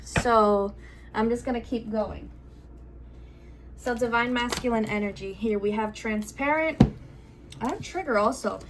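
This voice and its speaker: A woman with a slightly high voice reads tarot cards for a spiritual love reading, channeling aloud as she goes. She rambles, circles back on phrases and gropes for words mid-sentence. A faint hiss sits under her voice. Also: measured pace, long pauses. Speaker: tarot card reader.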